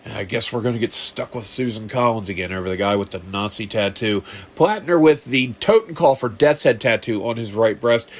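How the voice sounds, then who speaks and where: A man hosting a podcast, giving casual political commentary in a sarcastic, rambling way with muttered asides. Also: medium pitch. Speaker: podcast host.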